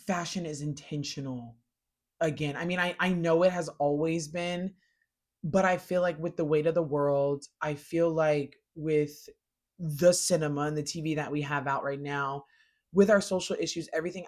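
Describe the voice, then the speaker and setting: A woman hosts a casual pop culture talk. Her delivery is animated and full of slang. She gushes freely over the things she loves. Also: low-pitched. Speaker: pop culture podcast host. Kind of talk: casual chat.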